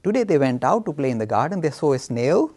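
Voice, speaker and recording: A man giving a storytelling lecture on Hinduism with an animated delivery, acting out voices as he speaks. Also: fairly high pitch, fast. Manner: animated, acts out voices, chuckles.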